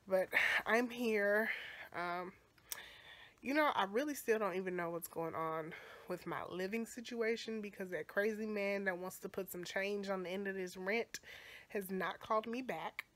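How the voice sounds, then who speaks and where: A woman, telling a story in a casual, animated vlog and calling her viewers y'all. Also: medium pitch. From Texas. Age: 20s. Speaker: vlogger. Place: on the move through airport, car and stairwell. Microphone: phone held at arm's length. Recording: loud noise behind the voice.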